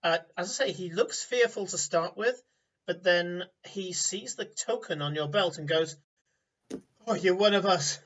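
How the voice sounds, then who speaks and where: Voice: mid-range voice, moderate pace, a bit bright. Give me a rambling game master narrating a tabletop scene, heard from a distance on a dull mic. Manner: rambling with many fillers.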